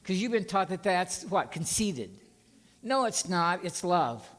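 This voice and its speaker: Bright-voiced, coaxing male minister. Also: sits high, big pitch swings, unhurried, long reverb tail. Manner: folksy, coaxing, leads the congregation in call and response. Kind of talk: sermon with congregational singing. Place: church sanctuary.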